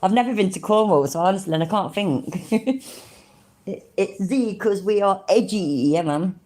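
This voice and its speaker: A woman's voice: medium pitch, expressive, unhurried, mellow. A woman from Middle England, chatting casually on a live stream, easily amused and laughing often. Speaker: streamer reacting to videos and chat.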